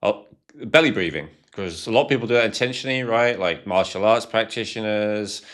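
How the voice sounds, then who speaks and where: A man's voice: lowish voice, brisk, fairly bright tone. A man hosting a podcast, asking questions in a hesitant way, searching for words. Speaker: podcast host. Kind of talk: casual interview questions.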